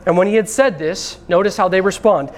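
A man's voice: high voice, a little fast. A man preaching a conversational sermon from the pulpit, talking straight to the congregation and calling them brethren. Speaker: pastor. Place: church sanctuary.

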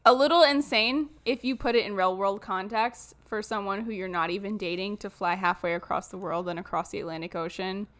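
A woman's voice: mid-range voice, a little fast, few pauses. Woman co-host recapping a movie. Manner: animated, swearing, jokey storytelling. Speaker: podcast co-host. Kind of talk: casual chat recapping a movie.

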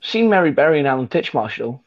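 A man's voice: fairly high pitch, big pitch swings, quick pace. A man telling a rambling, sweary anecdote in casual chat with friends, full of fillers and restarts. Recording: dull lo-fi recording.

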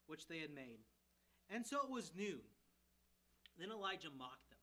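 A man's voice: fairly high pitch, normal speed, long pauses. A man preaching a sermon as a pastoral candidate, retelling a scripture story with humor and acted-out quotes. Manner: animated storytelling, voicing characters with humor. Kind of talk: expository sermon.

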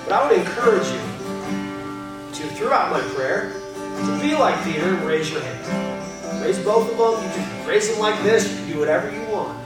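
A man preaching a sermon as pastor, conversational and earnest, sometimes quick and sometimes slow for emphasis. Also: high-pitched, sing-song. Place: church sanctuary. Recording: distant mic in a very echoey hall with faint guitar.

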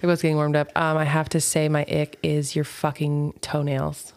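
A woman's voice: low-pitched, level tone, moderate pace, clean tone, no room sound. A young woman hosting a casual podcast with her husband, chatty and teasing, swearing freely. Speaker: podcast host. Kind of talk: casual couples chat.

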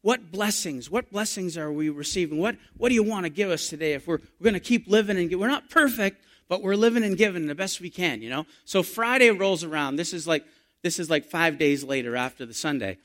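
Middle-aged man, pastor, animated storytelling sermon, bright tone. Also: high voice, a little fast. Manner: storytelling, animated, rising to excited emphasis.

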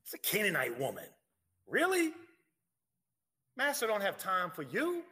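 A preacher mimicking scoffing impatient disciples. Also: male voice, high-pitched, huge pitch swings, unhurried, pushed and bright, voice pushed up, exaggerated voice. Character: dismissive, impatient male disciples.

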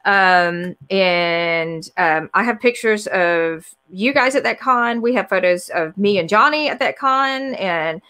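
A woman hosting a casual chat, telling stories in an animated way and quoting herself. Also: medium pitch, slow, hardly any pauses, clean tone. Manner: animated storytelling with laughs and quoted asides. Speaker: podcast host.

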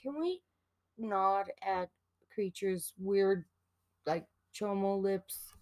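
A woman co-hosting a podcast, bantering in an unhurried, teasing way. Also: mid-range voice, darkish tone, slight background noise. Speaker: podcast co-host.

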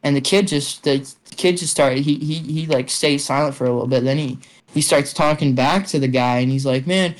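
A man's voice: mid-range voice, fairly even intonation, a little fast. Young man, casual storyteller, rambling, profane, filler-heavy, online call. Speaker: storyteller among friends. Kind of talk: casual chat.

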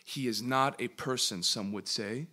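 A man teaching a Bible study as a pastor, emphatic, asking his listeners questions and slowing down to stress key words. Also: medium pitch, bright, forceful tone. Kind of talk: interactive sermon teaching.

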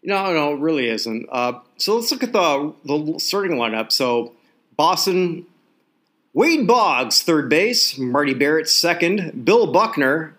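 A man's voice: a little high, big pitch swings, slow, a bit bright. A man co-hosting a sports podcast, rambling and joking with many restarts. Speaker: podcast co-host. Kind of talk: casual sports chat.

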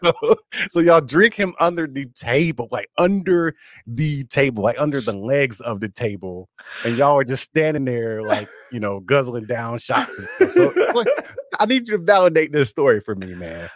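A man's voice: mid-range voice, animated, no room sound. Laughing man host, dry sound. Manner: laughs a lot, quick reactions. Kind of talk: casual interview chat.

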